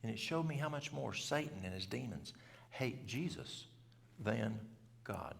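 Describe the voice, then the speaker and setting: Middle-aged man, very gravelly voice, folksy storytelling, long reverb of a church hall. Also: medium pitch, animated, a little slow. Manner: folksy, plain-spoken country talk. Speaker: health seminar speaker. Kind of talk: storytelling talk to a church audience.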